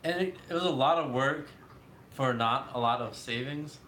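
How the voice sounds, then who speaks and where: A woman's voice: extremely low pitch, moderate pace, a bit bright, a little hiss or hum. A woman chatting off camera with the host, making offhand teasing remarks. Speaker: host's partner off camera. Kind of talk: casual chat. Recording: roomy and distant off-camera pickup.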